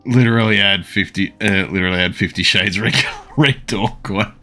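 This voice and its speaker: Crude joking low-voiced male streamer. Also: moderate pace, sharp tone, soft background music. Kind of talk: casual gameplay commentary.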